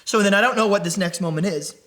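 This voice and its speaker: A man's voice: high voice, quick pace. A man leading a conversational Bible teaching for a young adult group, often asking the listeners questions. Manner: animated, asks the group questions. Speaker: young adult ministry preacher.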